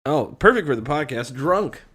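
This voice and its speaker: Podcast co-host, man, bright and animated, game for goofy accents. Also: on the high side, normal speed, husky. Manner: laughs often, tries silly accent impressions. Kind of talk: casual comedic chat with put-on accents.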